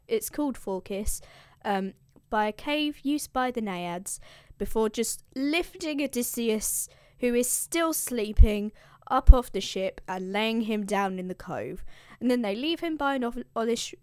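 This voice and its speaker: A woman's voice: medium pitch, darkish tone, smooth, no echo. Chatty, irreverent young woman retelling myths. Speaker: host explaining classics. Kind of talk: casual comic retelling.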